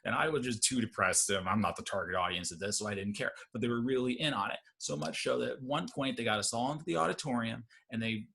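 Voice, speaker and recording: A man performing a stand-up comedy set, rambling with deadpan asides that climb into loud rants. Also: medium pitch, fast, vocal fry, hardly any pauses, husky.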